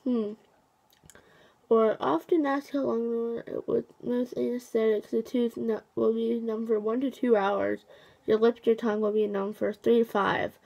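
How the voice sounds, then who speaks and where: A woman's voice: a little high, level tone, measured pace, creaky, highs cut off. A teenage girl vlogging casually after the dentist, her mouth still numb, rambling with lots of fillers and counting aloud. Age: teens. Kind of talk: casual vlog to camera.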